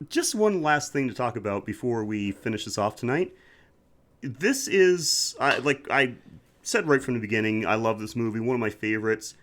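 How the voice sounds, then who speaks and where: A man with a middle-range voice and a very lively, swooping pitch chats on a podcast. He sounds enthusiastic and laughs often. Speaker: podcast co-host. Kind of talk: casual chat.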